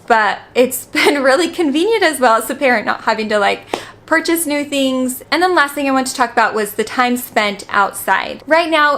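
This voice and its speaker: Chatty mom with a higher voice. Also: female voice, fairly bright tone. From United States. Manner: chatty, with frequent "like" fillers and easy laughter. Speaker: vlogger and mother. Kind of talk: casual chat to camera.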